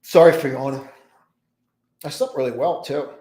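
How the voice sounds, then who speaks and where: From a multi-monitor trading setup at home, a livestream host walks through the pre-market, rambling and trailing into mumbles. His mid-range voice is warm and a little slow, and the recording carries a roomy echo.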